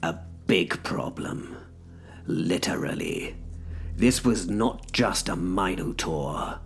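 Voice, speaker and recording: Brief: slow, low-voiced male narrator, dry and wry, slightly noisy recording. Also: gravelly. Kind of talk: first-person audio story narration.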